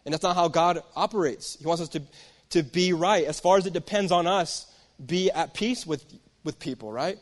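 A man's voice: fairly high pitch, normal speed. A man preaching a sermon in a conversational, storytelling way, often turning to the audience with asides. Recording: long reverb of a large hall.

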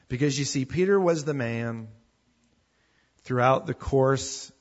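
Husky-voiced man preaching conversationally. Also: mid-range voice, dull audio. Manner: conversational, acts out scripture dialogue. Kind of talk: sermon.

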